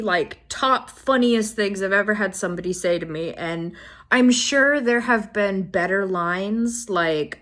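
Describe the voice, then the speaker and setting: A young woman vlogger telling funny stories in a casual, animated way, swearing freely and laughing as she goes. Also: medium pitch. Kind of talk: casual storytime.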